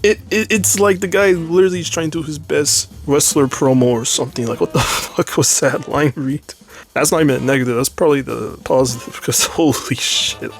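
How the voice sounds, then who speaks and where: A man's voice: a little high, brisk, faint music behind. A man giving a casual, ranting film review, blunt and sarcastic, swearing freely. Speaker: movie reviewer.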